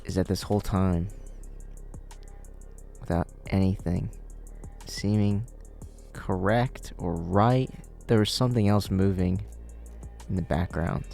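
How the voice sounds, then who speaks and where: A man running a tabletop game in a slow, relaxed, casual way. His voice sits fairly low, and his narration is unhurried and full of jokes. Faint music plays in the background. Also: vocal fry. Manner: laid-back, laughing, swearing. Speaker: game master.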